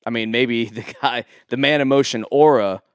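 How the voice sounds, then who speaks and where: A man's voice: medium pitch, steady tone, normal speed, clear, resonant tone, dry recording. A man co-hosting a podcast, chiming in with jokes and dry quips about a movie. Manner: joking asides, dry quips. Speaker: podcast co-host. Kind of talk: casual movie chat.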